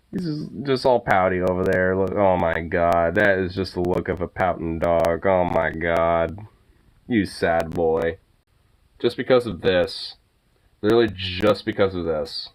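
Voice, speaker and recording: A man's voice: sits low, a little slow, smooth. A man chatting casually on his vlog in a laid-back way, swearing freely and cooing at his pets. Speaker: vlogger. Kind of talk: casual chat.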